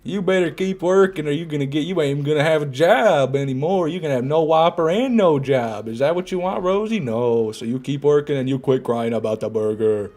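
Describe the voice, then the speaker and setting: A man's voice: a little high, brisk, hardly any pauses, darkish tone, natural voice. A man voicing a stern, mocking boss who talks down while scolding a worker. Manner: bossy, drawling, talking down.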